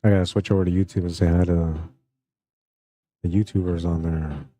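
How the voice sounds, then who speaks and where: This is a man doing live play-by-play for a pool tournament stream. His voice sits fairly low, with a warm, mellow tone. He talks in a friendly, unhurried way and greets viewers from the chat as the match goes on. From Canada. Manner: relaxed, friendly, reads out chat comments between shots.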